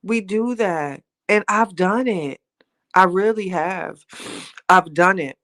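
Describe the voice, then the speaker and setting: A woman's voice: fairly low pitch, slow, a bit bright. A woman in her forties hosting a casual live stream, musing aloud in a reflective, conversational way and greeting viewers by name. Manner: peppers talk with "you know what I'm saying".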